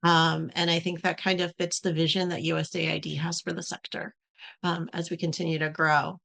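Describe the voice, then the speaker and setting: A woman with a lowish voice talks through her points on a remote call. She is measured and steady, with the odd "um" along the way, in a casual podcast chat. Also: gravelly. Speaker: podcast guest, company executive.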